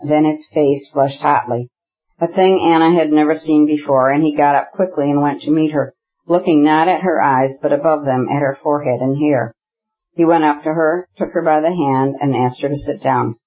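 An audiobook narrator gives a steady, measured reading of a classic novel. The voice is somewhat husky, and the recording is muffled and lo-fi. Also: mid-range voice.

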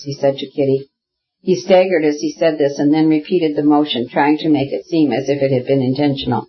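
A man reads a classic novel aloud in a measured, even way. His voice is husky and a little high. The recording sounds dull and lo-fi. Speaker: narrator. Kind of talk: audiobook narration.

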